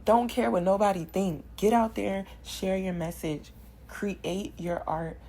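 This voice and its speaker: Her voice is mid-range, warm and creaky, with fairly even intonation and an unhurried pace. As a spiritual card reader doing a channeled tarot session, the young woman sighs between lines while fervently preaching the same affirmations over and over, captured on a low-quality recording with slight background noise.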